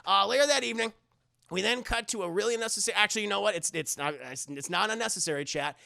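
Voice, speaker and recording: A man's voice: high-pitched, fast, gravelly, pushed and bright, dry recording, studio quality. A man giving a rambling, sarcastic and profane movie recap to his chat. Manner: sarcastic, rambling, swears often.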